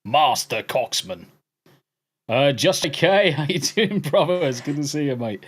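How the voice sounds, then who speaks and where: A man's voice: fairly high pitch, expressive, normal speed, breathy edge. A man with an English accent hosting a podcast, chatting casually with viewers in jokey, profane banter. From England. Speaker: podcast host. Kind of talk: casual chat with live viewers.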